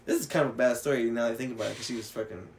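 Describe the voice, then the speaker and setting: A man's voice: mid-range voice, rapid-fire, crowd noise. A young man, co-hosting a podcast and telling a rambling, profane story over faint room noise. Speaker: podcast co-host. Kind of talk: casual chat.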